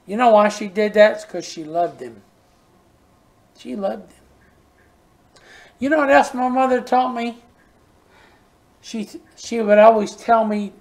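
An older man preaching a sermon, telling homespun stories and repeating words for emphasis, sometimes dropping to a soft near-whisper. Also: very high voice, measured pace, creaky, long pauses. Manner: folksy storytelling, repeats words when stressing a point.

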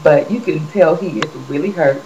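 A woman vlogger chatting casually about celebrity gossip, an animated and expressive storyteller. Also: low-pitched, moderate pace. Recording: dull lo-fi recording with faint hiss.

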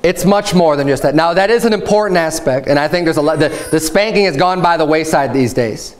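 A man's voice: on the high side, a little fast. A young adult man preaching a sermon at a church service, frank and conversational, with stories from his own life. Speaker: pastor.

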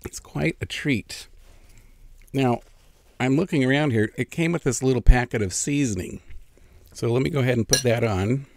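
A man's voice: medium pitch, brisk, darkish tone. A middle-aged man from California chatting casually as a food vlogger, savoring each bite between remarks. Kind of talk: casual mukbang eating vlog.

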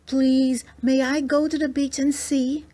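Woman doing an eager high young boy. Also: little pitch movement, measured pace, mellow. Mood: excited. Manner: eager, pleading, breathless.

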